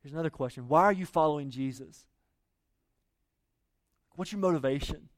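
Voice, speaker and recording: High-voiced preaching man, dry sound. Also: normal speed, no room sound. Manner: conversational preaching with rhetorical questions, swinging loud and soft. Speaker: pastor. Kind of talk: sermon.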